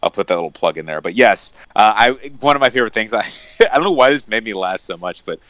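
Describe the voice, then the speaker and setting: A man's voice: fairly low pitch, expressive, quick pace, a bit bright, no room sound. A young man co-hosting a casual podcast chat, enthusiastic and laughing often as he recounts favourite scenes. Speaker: podcast co-host.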